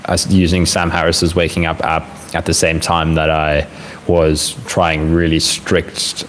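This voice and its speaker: Young male host, deep-pitched, gentle and reflective, home livestream with light fan noise. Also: monotone, poor audio. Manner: gentle, reflective, speaks in unhurried phrases with frequent fillers. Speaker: livestream host answering viewer questions. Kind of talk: casual live Q&A talk. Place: home room with a fan running. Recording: faint fan noise in the background.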